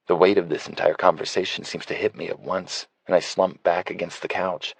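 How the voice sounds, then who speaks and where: A man reading an audiobook in first person, measured and wry. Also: low voice, little pitch movement, creaky, husky, no echo. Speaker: audiobook narrator. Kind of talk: scripted first-person narration.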